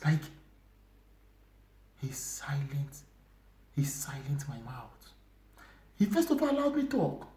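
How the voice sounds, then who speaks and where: A man tells his testimony in a mellow, warm voice. He pushes some phrases out loud, drops others to a breathy whisper and circles back over his own words. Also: on the high side, wildly swooping pitch, takes it slowly, long pauses, a little hiss or hum. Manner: emotional, swinging from loud emphasis to hushed whispers; repetitive, restarting phrases. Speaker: church brother giving testimony. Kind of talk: personal testimony.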